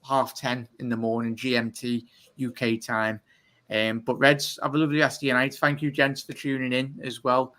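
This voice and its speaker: A man hosting a fan live stream, talking fast and giving chatty shout-outs. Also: medium pitch. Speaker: fan channel host. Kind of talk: live stream sign-off chat.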